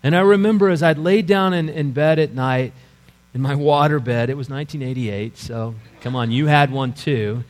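A middle-aged man preaches his own story with earnest, storytelling warmth in the phrasing, sometimes sinking to a hushed, low delivery. His voice carries a long reverb, as from a large hall, and a faint electrical hum sits underneath. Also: fairly even intonation, normal speed. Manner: earnest storytelling, dropping to quiet low lines. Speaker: pastor. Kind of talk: sermon testimony. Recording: echoey hall with mains hum.

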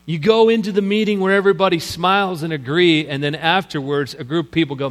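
A man preaching a sermon as guest pastor, conversational and animated, acting out the scenes he describes. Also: on the high side, fast talker. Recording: long church reverb.

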